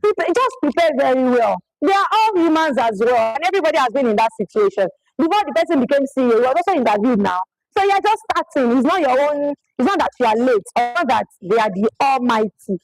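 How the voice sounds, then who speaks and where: Lively, high-pitched woman trainer. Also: fairly quick, no echo, poor audio. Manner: animated, emphatic, repeats phrases. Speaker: public speaking trainer. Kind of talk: live workshop talk. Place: presentation venue in Lagos.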